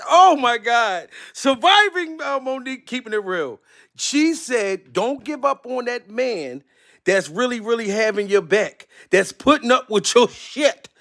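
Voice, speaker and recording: A man giving casual, joking reaction commentary on a clip, animated and emotional. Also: extremely high pitch.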